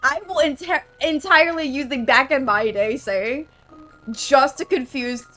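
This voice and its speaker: A woman's voice: high voice, unhurried, fairly bright tone. A young woman in her twenties rambling casually and profanely while streaming a game, laughing often. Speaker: VTuber streamer. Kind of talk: casual live-stream chat while gaming.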